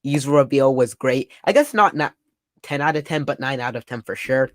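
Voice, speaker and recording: A young man reading and reacting to a comic chapter in casual talk, excitable and full of "like". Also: medium pitch, normal speed, no echo. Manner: excitable, summarizing panels with frequent "like". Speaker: manga reaction youtuber.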